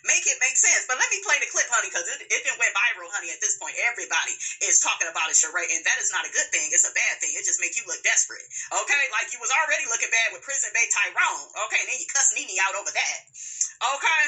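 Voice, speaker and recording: Fast-talking, bright, sassy woman gossiping. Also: medium pitch, lively intonation, rough recording. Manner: sassy and gossipy, full of playful insults and asides to viewers; stretches words out slowly for emphasis. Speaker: reality TV recap host. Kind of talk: casual gossip commentary.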